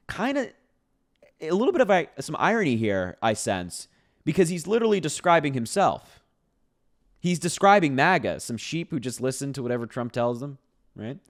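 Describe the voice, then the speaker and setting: A man talks straight to the camera in a casual commentary, his voice sitting at an ordinary middle pitch. He sounds sarcastic and incredulous as he reacts to posts, and short laughs break up his points. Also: very animated, moderate pace. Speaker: political commentator.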